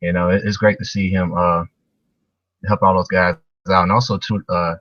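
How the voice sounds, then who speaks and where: A man's voice: low-pitched, flat delivery, moderate pace, dry recording, dull audio. A man who is a guest on a casual podcast, talking about an anime in a laid-back way, sprinkling his talk with "you know" and "man".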